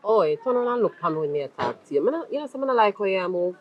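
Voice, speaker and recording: A woman's voice: mid-range voice, very animated, rapid-fire, highs cut off, a little hiss or hum, close to an everyday voice. A woman playing a brash Jamaican barmaid. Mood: scolding. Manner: heavy patois, scolding and taunting. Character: brash flirtatious woman bartender, confrontational. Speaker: bartender. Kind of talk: web series acting.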